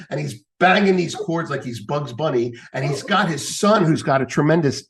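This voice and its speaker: A man's voice: on the high side, expressive, moderate pace, few pauses, a bit bright. Man telling a rambling story. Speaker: podcast guest. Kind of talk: casual chat.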